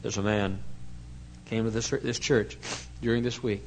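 Pastor, male, lowish voice, emotional storytelling sermon, hush-to-loud swings. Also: steady tone, unhurried, slight background noise, low-quality recording.

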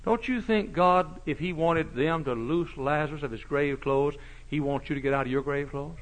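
A man preaching a sermon, folksy and mocking, swinging from shouts to hushed asides. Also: a little high, moderate pace. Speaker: pastor.

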